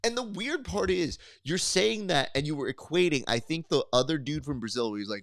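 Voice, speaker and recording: A man co-hosting a casual podcast, riffing animatedly and pitching ideas with mock appeals to the listener. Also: expressive, brisk, few pauses, fairly bright tone, dry recording. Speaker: podcast co-host.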